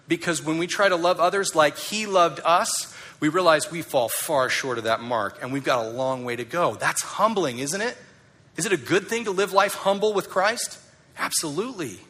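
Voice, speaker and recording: Male pastor, sermon, bright forceful tone, slightly high voice, rhetorical questions, emphatic.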